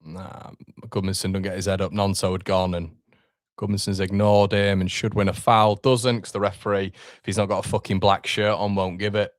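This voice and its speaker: A man's voice: sits low, level tone, moderate pace, no room sound, clean studio sound. A young man hosting a live fan watchalong, reacting with frustration and swearing as he talks to his chat.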